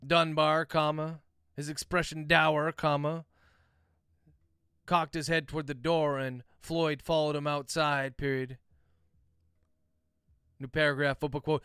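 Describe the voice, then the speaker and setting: A man dictating his own novel aloud on a livestream, calling out each comma and period as he goes. His voice sits somewhat high and sounds crisp and smooth. The room is dry and close. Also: unhurried, pauses often, no echo. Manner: dictates prose aloud, speaking punctuation marks; relaxed, chatty asides to viewers. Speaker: author.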